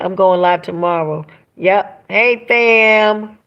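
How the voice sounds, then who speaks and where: In an unhurried, fairly low-pitched voice, a woman runs a relaxed home live stream and reads her viewers' comments out loud. Her manner is emphatic and animated as she talks directly to the people watching.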